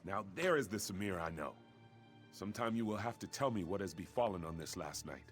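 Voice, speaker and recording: An earnest young warrior prince, formal and urgent, worried for his brother. His voice sits somewhat low. Soft game music plays underneath. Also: lively intonation, brisk. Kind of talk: video game voice acting.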